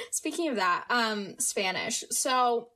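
A teenage American girl hosting a casual podcast, chatty and upbeat, jumping between quick asides. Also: on the high side, lively intonation, pushed and bright. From United States. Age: teens. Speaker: podcast host. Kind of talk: casual chat.

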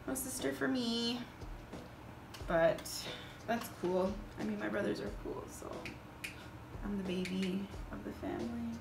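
A woman in her twenties, a beauty vlogger chatting casually while doing her makeup, telling stories in an animated way with lots of fillers. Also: mid-range voice, unhurried, vocal fry, long pauses, background noise. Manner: animated storytelling, filler-heavy. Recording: roomy echo with background music.

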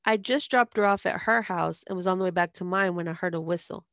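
Low, gravelly woman narrating. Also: a little fast, dry recording, studio quality. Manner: steady storytelling. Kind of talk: first-person audiobook narration.

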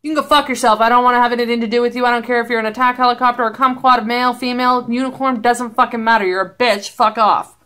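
Woman vlogger, high-pitched, blunt, sweary, sarcastic. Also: fairly even intonation, quick pace, hardly any pauses, sharp tone. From Canada. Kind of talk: casual vlog commentary.

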